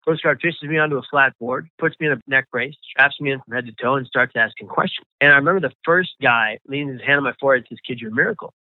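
Man with halting speech over a tinny line. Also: medium pitch, no echo. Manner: halting, repeats words when emotional. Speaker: guest, survivor telling his story. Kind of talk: personal story in an interview.

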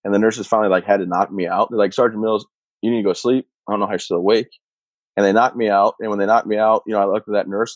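Low-voiced man telling his story flatly. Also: dry recording. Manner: matter-of-fact, steady. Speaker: interview guest, combat veteran. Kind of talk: personal storytelling. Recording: dull muffled sound, dry.

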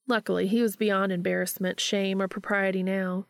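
Creaky-voiced woman narrating a story. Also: medium pitch, little pitch movement, moderate pace, few pauses, dry recording. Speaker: audiobook reader.

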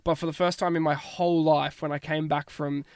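A man's voice: fairly high pitch, level tone, fairly quick, darkish tone, no room sound. Laid-back Australian man, dry close sound. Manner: easygoing, rambling, drops to a mumble. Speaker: guest. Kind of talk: casual chat.

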